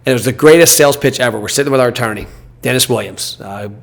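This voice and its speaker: A man in his thirties, a podcast host, telling a story in a blunt, animated, casual way. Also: medium pitch, very fast, creaky. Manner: animated, blunt, acts out quoted dialogue.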